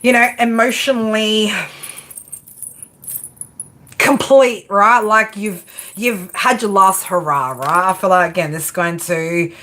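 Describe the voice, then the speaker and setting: A woman's voice: mid-range voice, steady tone, measured pace, pauses often, fairly bright tone. A woman giving a live tarot reading in a brash, chatty way, swearing freely and calling her viewer girl and baby. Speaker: tarot reader.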